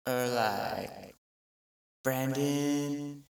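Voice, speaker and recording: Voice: extremely slow, a little mellow. A stand-up comedian telling freestyle stories in a rambling, profane, conversational way, often jumping into voices of other people. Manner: acts out quoted voices with big pitch jumps. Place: live stage before an audience. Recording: distant mic with clear crowd noise.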